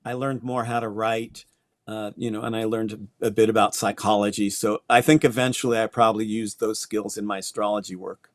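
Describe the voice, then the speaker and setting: A man's voice: lowish voice, fairly even intonation, a little fast, no room sound. An older man from Connecticut, a guest astrologer, telling his story in a reflective way with small restarts. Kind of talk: interview conversation.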